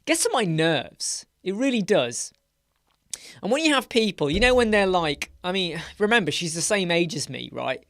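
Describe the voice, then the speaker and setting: A man's voice: high voice, big pitch swings, moderate pace, fairly bright tone, dry recording, clean studio sound. A man hosting a live web design Q&A, chatting casually, rambling and laughing as he answers viewer questions. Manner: chatty, rambling, laughs often, puts on mocking voices.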